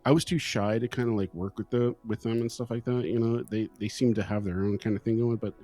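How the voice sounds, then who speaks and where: Laid-back, low-voiced man telling stories. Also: steady tone, brisk, mellow. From California, US. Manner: laid-back storyteller, swears freely, acts out his own past thoughts. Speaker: guest musician. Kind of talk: casual podcast interview.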